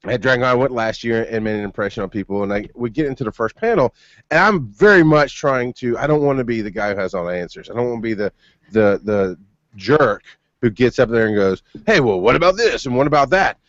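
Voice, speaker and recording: A man's voice: lowish voice, a little fast, no room sound. A man co-hosting a podcast in casual chat, telling a long story in a rambling way and laughing often. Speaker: podcast co-host. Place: home studio. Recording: muffled dry remote recording.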